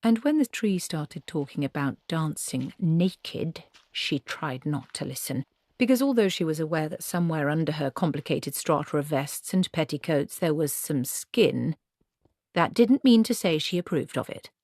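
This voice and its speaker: A woman reading a novel aloud as an audiobook narrator, in measured storytelling. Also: sits low, animated, a little mellow, dry recording, studio quality.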